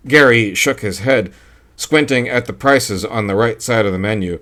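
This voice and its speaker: A man narrating a short story in a dry, steady storytelling manner. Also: fairly low pitch, normal speed. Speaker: audiobook narrator. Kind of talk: scripted narration.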